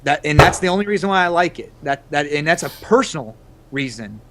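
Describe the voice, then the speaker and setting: A young man and father of two, chatting casually on an online call in a halting way, thinking aloud with frequent restarts. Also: a little high, expressive, heavy background noise. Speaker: podcast co-host, father of two. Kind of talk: casual group chat over a voice call. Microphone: computer mic on an online call.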